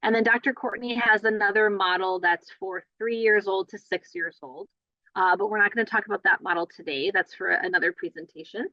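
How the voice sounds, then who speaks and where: A woman's voice: medium pitch, fairly even intonation, brisk, no room sound. A woman play therapist giving a conversational training lecture, with frequent fillers and asides. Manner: conversational, many "you know" fillers. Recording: dull lo-fi dry audio.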